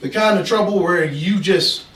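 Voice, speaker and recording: A man, a pastor, telling a comic story at a live poetry event, halting and animated. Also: high voice, distant mic. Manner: halting, animated, slips into character voices. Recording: roomy live venue from afar.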